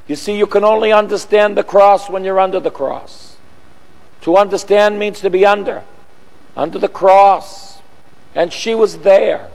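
A man preaching a sermon, emphatic and repetitive, building from quiet phrases to shouted lines. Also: high voice, gravelly. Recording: long echoey hall.

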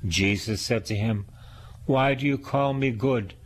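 Male preacher delivering a sermon, slow and deliberate, with scripture readings and repetition. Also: mid-range voice, slight background noise.

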